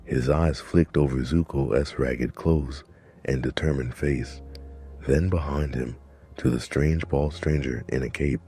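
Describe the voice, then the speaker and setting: Brief: male storyteller, very low and dark, measured dramatic narration. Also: fairly even intonation, slightly rough. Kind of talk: scripted narration.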